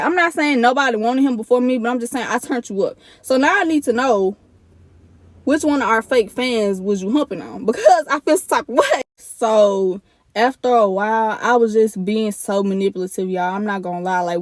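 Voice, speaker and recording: A young woman is telling a storytime vlog in casual, blunt talk, swearing and acting out each side of the argument. Her voice sits a little high. The sound is close and dry. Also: dry recording. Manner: blunt, animated, swears freely, quotes people in bursts. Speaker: vlogger.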